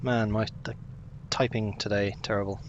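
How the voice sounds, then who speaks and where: A man's voice: fairly low pitch, little pitch movement, moderate pace, highs cut off, background noise. A young man casually commenting as he plays a game, chatting with his viewers. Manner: chatty, talks to himself and to chat while playing. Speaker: game streamer.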